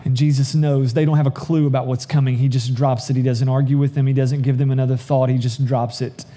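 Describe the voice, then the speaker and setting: A man delivers an earnest sermon in a warm, mellow voice of middling pitch. He reads scripture aloud and explains it, slowing down to stress the key lines. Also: level tone. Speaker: pastor.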